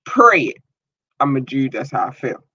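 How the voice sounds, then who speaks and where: Brief: outspoken woman streamer, tense bright delivery, dry, muffled stream sound. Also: a bass voice, sing-song, moderate pace, breathy edge, no room sound. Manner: heated, profane, emphatic. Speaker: livestream host. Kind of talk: casual livestream rant. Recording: dull lo-fi stream audio.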